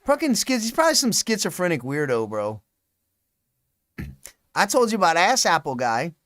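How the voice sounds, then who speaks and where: A man's voice: high voice, huge pitch swings, normal speed, fairly bright tone, no room sound, studio quality. A man hosting a casual live stream, rambling, swearing freely and laughing often. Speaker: livestream host.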